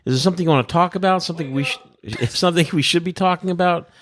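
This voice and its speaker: A man's voice: on the high side, very fast. Fifties guy hosting a podcast, loose rambly chat, laughs a lot. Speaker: podcast host.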